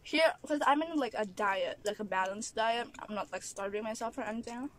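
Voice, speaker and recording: A Filipino woman vlogger rants in exasperation during a casual eating vlog, chewing her food between remarks and laughing often. Her voice is a little high and brisk, caught by a camera set at an angle.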